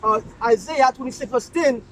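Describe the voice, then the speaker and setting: A man with a very high voice reads a Bible verse aloud at a steady pace. He sounds a little distant from the mic. A faint background noise runs underneath. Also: normal speed. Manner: steady reading, repeats the verse. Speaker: scripture reader.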